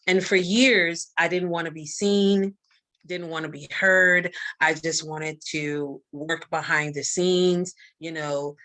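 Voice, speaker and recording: A woman with a light Barbadian accent speaks in a fairly low voice on a live video call. She talks emphatically, repeating her key lines with a preacher's punch. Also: fairly even intonation, slow pace, bright, forceful tone. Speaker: guest, magazine publisher and coach. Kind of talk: live-stream interview.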